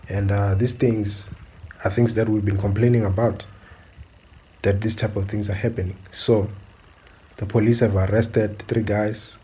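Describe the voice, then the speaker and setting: Male host, mellow husky tone, preachy opinion commentary. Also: on the low side, rough recording. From South Africa. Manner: preachy, repeatedly asks "do you understand?". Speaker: channel host.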